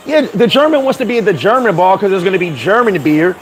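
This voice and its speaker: A higher-voiced man, ranting loosely and bluntly to a live chat. His talk is profane and animated, and he breaks into laughter at his own slips. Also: fairly quick. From New York. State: sweating in the heat. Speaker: vlogger talking to live chat. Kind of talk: casual livestream rant. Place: hot corner, Caribbean town.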